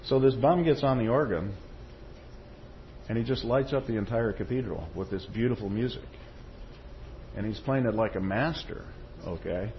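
A man delivers a sermon in a storytelling way, moving between quotations and anecdotes. He checks in with his listeners as he goes. The recording sounds a bit dull, with a faint hum of noise underneath. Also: mid-range voice. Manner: storytelling, frequent "okay?" and "Amen?" check-ins. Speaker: preacher.

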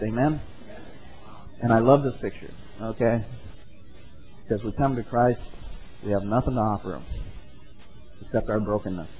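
A man's voice: on the low side, warm tone, low-quality recording. A man preaching an earnest sermon, mixing scripture readings with a folksy story. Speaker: pastor.

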